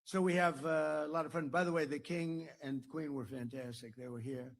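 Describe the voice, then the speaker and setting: A man's voice: a little high, steady tone, normal speed. An older American man giving an after-dinner speech at a podium mic in a dinner hall, rambling, repeating himself and boasting. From United States. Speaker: political speaker.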